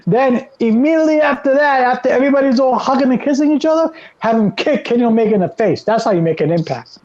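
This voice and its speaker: A man's voice: extremely high pitch, expressive, fast, darkish tone. A man co-hosting a casual wrestling podcast, playful and teasing. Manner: playful, teasing, laughs often. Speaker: podcast co-host. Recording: dull lo-fi audio.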